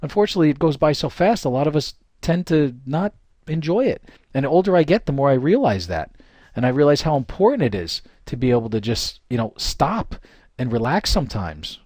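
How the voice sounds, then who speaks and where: A middle-aged man, giving an informal, animated motivational talk with many fillers and restarts. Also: fairly high pitch, fairly quick, no echo, clean studio sound. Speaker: goal-setting coach.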